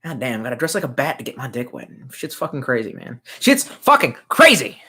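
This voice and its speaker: A man's voice: mid-range voice, fast talker, a bit bright, breathy edge. A young man streaming live, rambling loosely and swearing a lot as he reads out chat comments, tipsy. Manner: profane, rambling, drunk banter. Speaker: livestreamer. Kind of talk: casual livestream chat reading comments.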